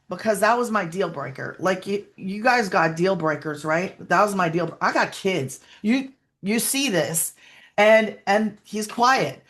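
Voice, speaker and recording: Guest, woman, mid pitch; heartfelt testimony, halting and tearful at moments. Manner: earnest, tearful at times, lots of fillers and restarts. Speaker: guest sharing her story. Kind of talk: emotional personal testimony.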